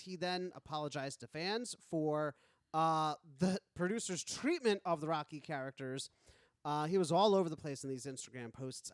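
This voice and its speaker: A man's voice: high-pitched, a bit bright, clear, resonant tone, dry recording, clean studio sound. A man co-hosting a podcast, talking in a chatty, jokey way. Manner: chatty, jokey, trails into laughs. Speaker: podcast co-host. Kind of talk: casual chat.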